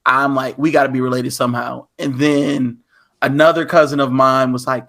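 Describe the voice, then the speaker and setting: A man's voice: mid-range voice, normal speed, gravelly. A man co-hosting a podcast, chatting casually and acting out the people in his story. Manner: animated storyteller, acts out quoted voices. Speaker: podcast co-host. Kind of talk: casual chat.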